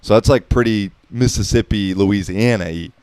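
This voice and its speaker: He's an American podcast host in his thirties whose lowish, darkish voice is clear and resonant, recorded with no echo. Speaking at a moderate pace, he rambles casually, swearing often and relying on lots of filler.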